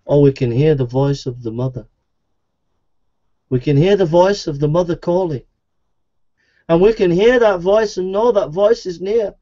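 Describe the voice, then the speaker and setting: A man's voice: high-pitched, normal speed, pauses often, mellow, highs cut off. A man preaching a sermon in an earnest, repetitive evangelistic style.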